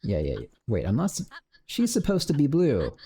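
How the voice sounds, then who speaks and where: A man's voice: medium pitch, wildly swooping pitch, normal speed, warm tone, breathy edge. A man streaming his game development, muttering to himself while coding and cursing when things break. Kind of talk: casual live-coding commentary.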